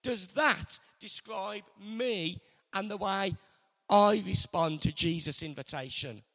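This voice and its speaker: Male preacher, sermon, slow unhurried delivery, earnest, loud emphasis then hushed, long church-hall reverb. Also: sits high.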